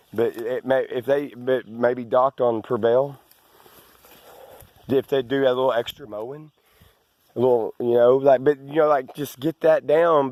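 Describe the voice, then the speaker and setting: A man's voice: mid-range voice, darkish tone, no echo. A man from Arkansas, filming himself as he walks his rural land, rambling through asides and restarts. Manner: meandering, with many restarts and asides. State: out of breath. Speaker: landowner vlogger. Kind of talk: rambling outdoor walk-and-talk.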